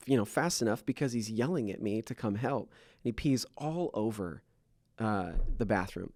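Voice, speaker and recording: A man's voice: medium pitch, animated, normal speed, darkish tone, no room sound, clean studio sound. A man in his thirties hosting a podcast, telling personal stories openly with many fillers. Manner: open, self-revealing storyteller with frequent fillers. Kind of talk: candid podcast conversation.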